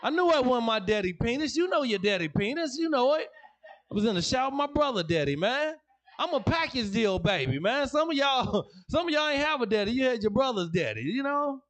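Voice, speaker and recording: A man's voice: very high voice, very animated, a little fast, fairly bright tone. A man performing a slangy stand-up set in a comedy club, telling family stories and acting out relatives. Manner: storytelling, slangy, acts out family members.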